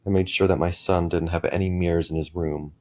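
A middle-aged man narrating a first-person horror story in a measured way, with frequent small restarts. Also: deep voice, fairly even intonation, warm tone.

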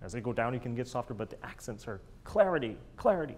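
A man's voice: mid-range voice, lively intonation, fast, darkish tone. A man coaching a chamber ensemble in a master class, encouraging and enthusiastic, singing out rhythms with syllables.

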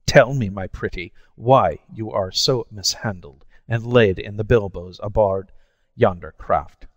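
A menacing pirate captain, as a man reads him, gloats in rough old-fashioned sailor talk. The voice sits low and close on a dry mic. A long reverb trails after it. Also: unhurried. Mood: gloating. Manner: rough old-sea speech.

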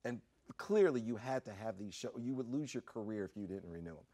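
A man as an interview guest, telling animated anecdotes and acting out what others said. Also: on the low side, fairly quick, dry recording. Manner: animated anecdotes with acted-out quotes. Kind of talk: storytelling in a sit-down interview.

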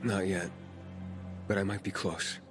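An actor playing a calm, weary male wanderer in a video game, speaking in an even, reserved way. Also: low-pitched, a little slow. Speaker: game protagonist. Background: game music.

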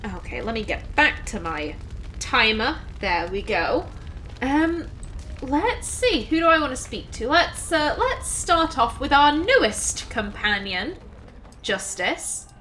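High, slow-talking woman gaming host. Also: very animated, bright, forceful tone, a little hiss or hum. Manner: chatty, thinks aloud. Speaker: let's play host. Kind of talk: casual gameplay commentary.

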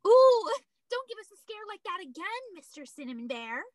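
A woman playing an excited young girl, eager and gushing, in a high school stage play. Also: normal speed, dry recording.

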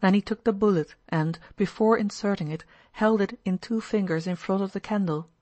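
A woman narrating a classic novel as an audiobook in a measured storytelling manner. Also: medium pitch, dark tone, no echo. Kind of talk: scripted narration.

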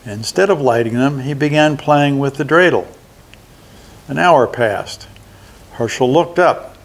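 An older man reads a children's holiday story aloud at an unhurried pace. His own voice is in a middle range, steady and deliberate between the character parts. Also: medium pitch. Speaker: resident reading a story.

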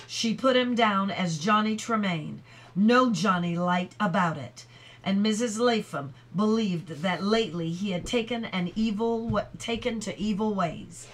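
A woman's voice: medium pitch, natural voice. A woman reading as a plainspoken kindly sheriff.

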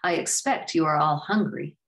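A woman voicing a dignified female goose who speaks slowly and formally. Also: sits low, fairly bright tone. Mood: gracious. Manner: slow, formal and courteous.

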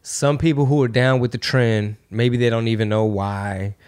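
A man hosting a podcast in loose, profane casual chat. His voice sits at an ordinary middle pitch, and he keeps riffing, sliding into quick mock voices for his bits. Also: fairly even intonation, darkish tone, clean tone. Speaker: podcast host and comedian.

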